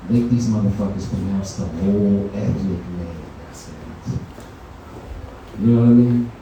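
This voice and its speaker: Profane stand-up comic in an echoey room. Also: male voice, lowish voice, unhurried, far from the mic, background noise. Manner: profane, loose conversational storytelling. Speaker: stand-up comedian. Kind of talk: stand-up comedy set. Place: comedy venue lounge, indoors.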